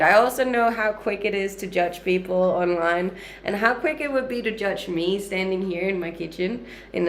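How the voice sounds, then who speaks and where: Chatty woman in her thirties, mixed Danish-Canadian-Australian accent, slight fry. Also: mid-range voice, a little hiss or hum. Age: 30s. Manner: upbeat, chatty, frequent light laughs. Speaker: livestreamer. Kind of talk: casual livestream chat answering viewer comments. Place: home kitchen.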